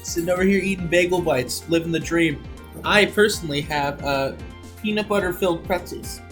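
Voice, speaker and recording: A man's voice: high voice, moderate pace, fairly bright tone, faint music behind. A man streaming a game, talking in a casual, crude, self-mocking way and swearing freely. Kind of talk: casual let's-play commentary.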